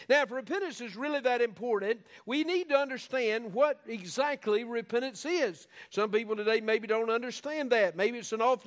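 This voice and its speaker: A man's voice: very high-pitched, a bit bright. A man preaching an earnest sermon, with folksy asides and restarts.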